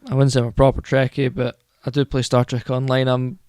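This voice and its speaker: Smooth-voiced rambling man. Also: mid-range voice, completely flat delivery, a little fast, a little mellow, dry recording. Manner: rambling, self-correcting, enthusiastic. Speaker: podcast co-host. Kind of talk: casual chat.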